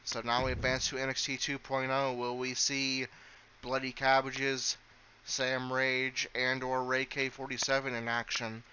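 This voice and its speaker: Brief: male wrestling commentator and host, very bright tone, fairly flat pitch, steady announcer read. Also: a little slow, smooth, lo-fi sound. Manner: steady announcer delivery, reads lists of names. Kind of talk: play-by-play commentary and results rundown.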